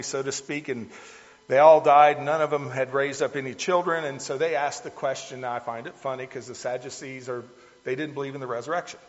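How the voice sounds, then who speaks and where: A man's voice: on the high side, a bit bright. A man preaching a sermon in a conversational, folksy manner, talking to the congregation as folks. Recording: dull lo-fi sound with long hall reverb.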